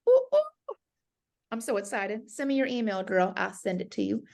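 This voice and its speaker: A bubbly woman on a video call, excitedly announcing a gift card winner. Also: mid-range voice, brisk, vocal fry. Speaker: co-presenter giving away prizes.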